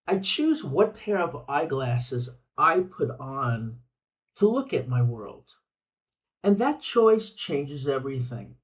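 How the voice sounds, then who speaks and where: A man's voice: medium pitch, very animated, slow, far from the mic, rough recording. An older man hosting a reflective podcast monologue, speaking earnestly and repeating phrases for emphasis. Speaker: podcast host.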